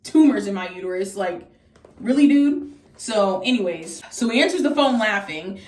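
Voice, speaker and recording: A woman in her twenties telling a casual storytime vlog, candid and profane, jumping into high-pitched voices when she quotes people. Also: lively intonation, normal speed, recorded from a distance. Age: 20s. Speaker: vlogger. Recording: echoey room, voice off from the mic.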